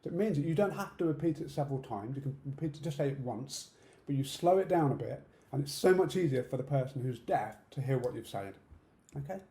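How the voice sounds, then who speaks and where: Middle-aged British man, warm low-key tone, direct speaker talk recorded in a roomy space. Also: lively intonation, brisk, creaky. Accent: British English. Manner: direct, practical, checks in with "okay?". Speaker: conference speaker. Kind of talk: online presentation talk. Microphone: video call setup. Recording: roomy echo.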